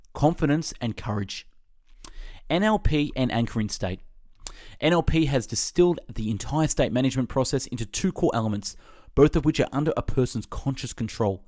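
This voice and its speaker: Man, mid-pitched, scripted book-summary narration, steady instructive reading, dry close sound. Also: normal speed, dry recording.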